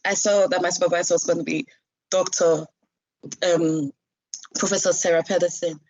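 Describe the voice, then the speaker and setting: A woman's voice: on the low side, normal speed, lo-fi sound. A young woman, a student union president, chatting casually in a live discussion and telling stories with laughs. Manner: chatty, animated storytelling with laughs.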